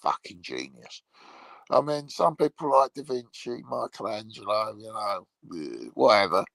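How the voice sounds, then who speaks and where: A man playing a crude male troll, delivering a rambling, swear-filled comedy monologue in a gravelly, husky voice. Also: on the low side, sing-song, a little slow, fairly bright tone, no echo, full character voice, rough recording.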